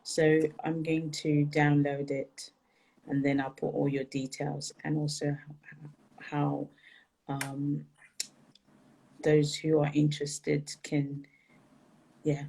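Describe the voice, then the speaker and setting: Interview host, husky voice, very slow pace, gentle and grateful. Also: medium pitch, monotone, low-quality recording. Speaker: podcast host. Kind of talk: interview conversation.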